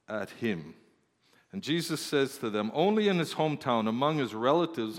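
A male pastor preaching a lively sermon, joking with his congregation between scripture readings. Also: mid-range voice. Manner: animated, joking preacher who reads scripture aloud. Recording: long hall reverb.

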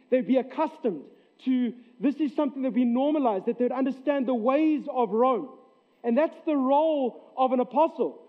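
A man pastor preaching a sermon in a church, earnest and emphatic, repeating key phrases for weight. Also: extremely high pitch. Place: church sanctuary. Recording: tinny narrow-band recording.

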